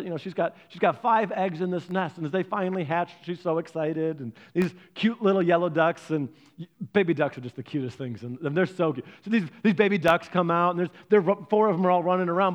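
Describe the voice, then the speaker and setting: A man pastor preaching a sermon, telling a story with lively, playful asides to the congregation. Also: sits high.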